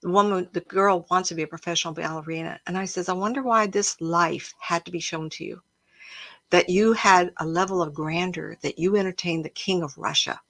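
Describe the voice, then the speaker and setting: On a live stream from home, a woman playing psychic tells chatty, emotional stories straight to her viewers while a cat jumps around. Her voice is on the low side and a bit bright, with a steady tone and a fairly quick pace. There's no echo.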